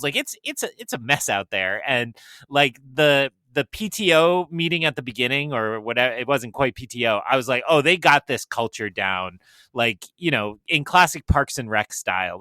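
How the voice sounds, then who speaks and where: A man's voice: mid-range voice, sharp tone, no room sound. A middle-aged man on a film podcast, talking at length in a casual discussion and thinking aloud with many restarts.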